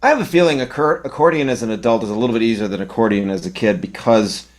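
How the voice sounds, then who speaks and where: A man's voice: lowish voice, fast talker. A man in his fifties, a guest musician, chatting casually with a joking, self-deprecating manner. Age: 50s. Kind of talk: casual podcast chat.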